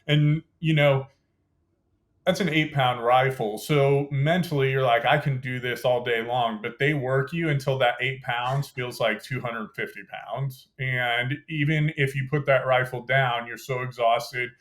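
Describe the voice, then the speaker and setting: A young adult man talks through his memories of brutal training in a casual, conversational way. He lays out the details step by step and fills his sentences with "you know" and "like." His voice sits at an ordinary middle pitch. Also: steady tone, measured pace, fairly bright tone. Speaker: podcast guest, former Green Beret. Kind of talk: casual storytelling interview.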